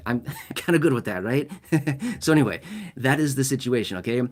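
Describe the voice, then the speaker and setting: A man's voice: mid-range voice, expressive, fairly quick. A man hosting a casual explainer, chatty and digressive, often checking in with the listener. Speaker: YouTube host explaining disability benefits.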